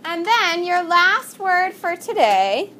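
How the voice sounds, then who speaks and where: A woman's voice: very high-pitched, big pitch swings, slow pace, bright, forceful tone, slight background noise. A woman teaching a vocabulary lesson in a classroom, upbeat and calling on students by name.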